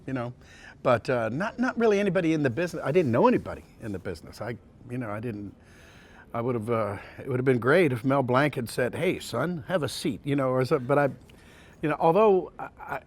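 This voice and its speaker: A male voice actor telling casual anecdotes in an interview, rambling with many restarts and sliding into quick impressions. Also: medium pitch. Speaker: voice actor guest.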